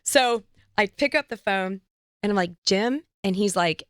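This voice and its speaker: A woman hosting a podcast, telling a story in a lively, chatty way and squealing up high when she quotes herself. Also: measured pace, clear, resonant tone, no echo, studio quality. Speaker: podcast host. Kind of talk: casual storytelling chat.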